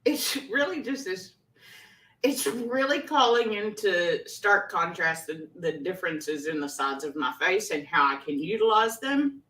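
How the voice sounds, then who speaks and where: A woman's voice: on the low side, measured pace, fairly bright tone, roomy sound, far from the mic, rough recording. A woman hosts a casual live chat, self-mocking and often laughing. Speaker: host of a live chat show.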